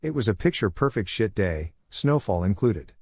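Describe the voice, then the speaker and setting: Man, fan fiction reading, lowish voice, dry close sound, plain narration. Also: expressive, moderate pace, a little mellow, slightly rough, no echo. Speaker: fanfiction reader.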